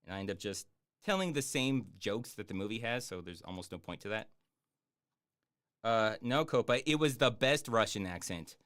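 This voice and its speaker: A man chatting casually on a live stream, answering viewer questions in a rambling, jokey way with lots of fillers and deadpan boasts. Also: lowish voice, moderate pace. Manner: hesitant with many fillers. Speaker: YouTube streamer answering chat.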